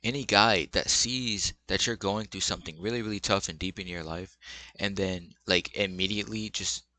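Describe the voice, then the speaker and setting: A man's voice: sits low, moderate pace, bright, forceful tone. A young man giving blunt, rambling relationship advice in casual, slang-filled commentary.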